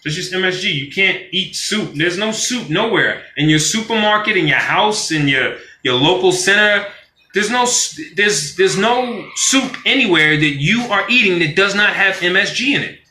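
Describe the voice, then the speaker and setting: A man's voice: high-pitched, lively intonation, normal speed, bright, forceful tone, reverberant. A man ranting on a live stream in a casual, profane style, acting out quoted voices as he goes.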